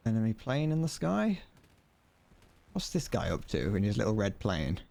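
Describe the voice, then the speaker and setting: Lively-voiced man streaming a tank game. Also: fairly low pitch, normal speed, vocal fry. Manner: chatty, swearing, laughing, talks to chat. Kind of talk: casual gameplay commentary.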